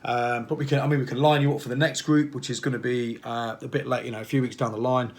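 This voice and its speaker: A man's voice: mid-range voice, flat delivery, fast talker, a little mellow. A man, a fitness coach, talking casually and passionately to camera, rambling and firing off repeated questions. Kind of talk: casual motivational talk to camera.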